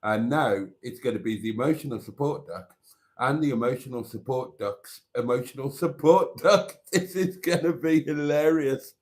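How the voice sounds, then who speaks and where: A man's voice: mid-range voice, moderate pace, darkish tone. A man hosting a live stream, chatting casually and laughing with delight while reacting to viewer messages.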